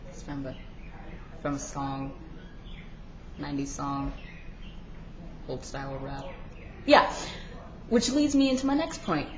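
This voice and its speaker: A woman's voice: fairly low pitch, slight background noise. A teenage girl chatting casually in a home vlog, sarcastic and rambling, with lots of filler words. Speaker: vlogger. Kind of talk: casual pet peeves vlog. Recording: echoey room, dull lo-fi sound.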